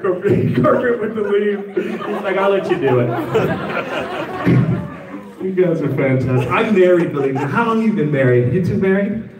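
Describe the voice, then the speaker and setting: A man doing a stand-up comedy set, working the crowd with an animated delivery at a live show. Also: high voice, a little fast, recorded from a distance. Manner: animated, crowd work with audience. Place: live venue with audience. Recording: live show, roomy with loud audience. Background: crowd laughter and noise.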